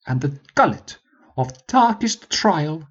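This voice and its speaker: Give me a man playing a grand, stuttering posh sergeant with a husky, high voice on a dull recording. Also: big pitch swings, slow pace, a bit bright, full character voice. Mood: pompous. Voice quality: stutters on D's and P's. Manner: grand, pompous speechifying. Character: pompous posh sergeant-prince, stuttering and lisping.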